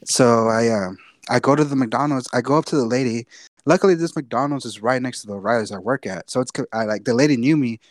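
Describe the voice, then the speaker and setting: A man's voice: medium pitch, quick pace, no echo. Young guy, podcast co-host, rambling storyteller, dry close sound. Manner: loose, profane, repeats himself. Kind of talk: casual storytelling.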